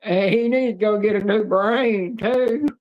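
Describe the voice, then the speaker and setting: A woman's voice: mid-range voice, a little slow, lo-fi sound. A woman co-hosting a livestream in casual chat, telling rambling, crude stories. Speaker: livestream co-host.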